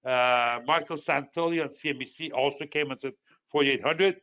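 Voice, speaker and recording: A man's voice: mid-range voice, moderate pace, muffled recording. A man in his sixties from Iran, host of a market commentary, talks casually and rambles through stories with many fillers. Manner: rambling, digressive storytelling with frequent fillers.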